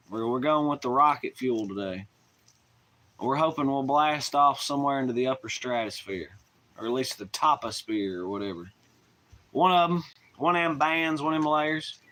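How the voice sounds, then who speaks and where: A man's voice: on the high side, bright, forceful tone, slight background noise. Rowdy Southern man on a live stream. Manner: rowdy, profane, rambling, folksy slang. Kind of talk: casual live-stream chat.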